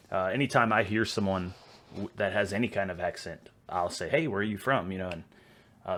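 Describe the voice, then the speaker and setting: A man with a Texan drawl hosts a relaxed reaction video, his voice sitting low. He talks in a loose, easygoing way and breaks into laughter often. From Houston, Texas. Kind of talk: casual reaction commentary.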